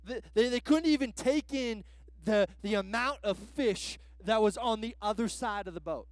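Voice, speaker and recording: A man's voice: high voice, moderate pace, no room sound. A man preaching a sermon as a guest pastor, in a casual, slangy way that is full of "like" fillers.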